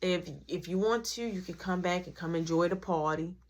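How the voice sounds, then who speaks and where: A woman's voice: fairly low pitch, lightly acted. A woman playing her busy, impatient mother in a storytime retelling. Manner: brisk, impatient.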